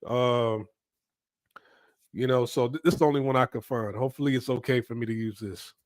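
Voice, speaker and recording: A man's voice: medium pitch, steady tone, brisk, no echo. A man hosting casual reaction commentary, lecturing with stammered restarts and rhetorical questions.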